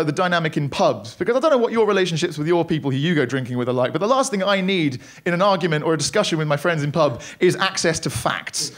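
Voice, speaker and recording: A young man doing a stand-up comedy set on a club stage, wry and self-deprecating with quick asides. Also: fairly high pitch, fairly bright tone.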